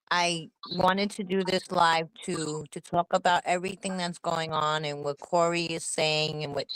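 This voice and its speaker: A woman's voice: low-pitched, a bit bright, clear, resonant tone, no room sound, low-quality recording. A woman with a New York accent co-hosting a livestream, ranting angrily and swearing, with repeated rhetorical questions. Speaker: livestream co-host. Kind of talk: angry livestream rant.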